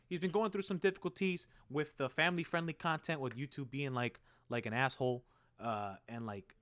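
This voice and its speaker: Excitable young man rambling on a live stream. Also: fairly high pitch. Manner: excitable, rambling, swears freely. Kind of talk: casual live-stream chat.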